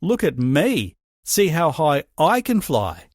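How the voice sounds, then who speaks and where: A man voicing a tiny, clever male wren in a storybook, cheeky and quietly sly. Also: a little high, big pitch swings, takes it slowly, dry recording, studio quality, pitched above the performer's own voice, exaggerated voice.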